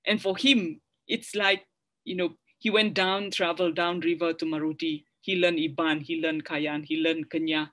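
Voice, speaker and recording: A woman's voice: sits low, level tone, normal speed, a bit bright. A middle-aged woman from Sarawak with a Malaysian English accent, giving a public lecture with slides, often restarting phrases and adding tag questions to the audience. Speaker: academic lecturer.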